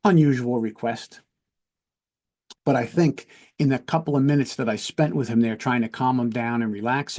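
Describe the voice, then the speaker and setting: Male podcast host, mid-pitched, earnest and conversational, telling personal stories. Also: a little mellow. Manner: earnest, conversational, often checks in with "right?". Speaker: podcast host and police lieutenant. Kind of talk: casual storytelling.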